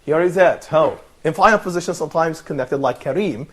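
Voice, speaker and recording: A man's voice: on the high side, fairly quick, fairly bright tone, breathy edge. A man teaching an online Arabic lesson, patient and encouraging, repeating words and praising his students.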